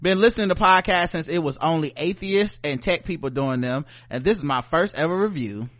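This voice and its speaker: Southern man co-host: slightly high voice, animated and joking, casual podcast chat. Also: brisk.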